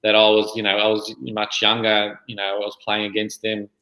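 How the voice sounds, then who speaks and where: A man's voice: on the low side, monotone, a little fast, pushed and bright, roomy sound, rough recording. An Australian man in his thirties, a guest on a soccer podcast, talking casually and rambling with lots of fillers. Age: 30s. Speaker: guest player and junior coach. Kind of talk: casual interview chat.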